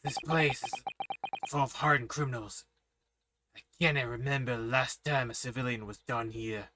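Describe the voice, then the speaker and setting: A man voicing a gruff, hostile old prison governor who blusters and threatens, reading game dialogue over loud game music. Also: mid-range voice, fairly even intonation, moderate pace, a little hiss or hum, natural voice. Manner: blustering, threatening, folksy "laddie" talk.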